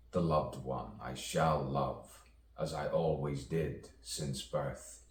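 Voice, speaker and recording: Man, extremely deep voice, slow rhythmic poetic monologue, repetitive wordplay, echoey room, distant mic. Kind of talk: spoken-word poetic monologue.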